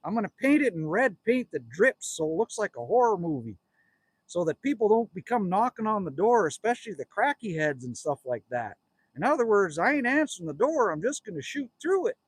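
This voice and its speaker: A man's voice: high voice, big pitch swings, a little fast, breathy edge, no echo. A Canadian man in his fifties, chatting casually on a livestream from his cabin, reading out viewer comments and joking with them in a rambling way. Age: 50s. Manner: rambling, jokey, talks straight to viewers. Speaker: livestream host. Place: outdoors at a cabin.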